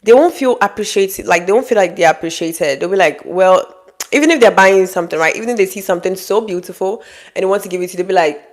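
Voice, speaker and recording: A woman talking straight to her audience with relationship advice, bluntly scolding and acting out quoted people in high mock voices. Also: quick pace. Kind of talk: direct-to-camera advice monologue.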